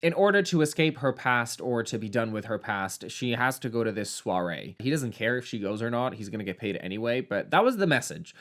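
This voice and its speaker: A man talks through a film in a casual review, his voice at an ordinary middle pitch. He is sarcastic and campy, and he swears freely as he mocks the story. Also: lively intonation, brisk, few pauses, a bit bright. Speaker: movie reviewer. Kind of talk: casual movie review commentary.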